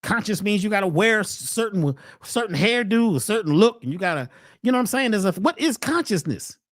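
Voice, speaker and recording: Guy preaching spiritual stuff, tons of questions, bouncy pitch, dry close sound. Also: sing-song, brisk, no echo. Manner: preachy, full of rhetorical questions. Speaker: natural health webcast host. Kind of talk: spiritual motivational talk.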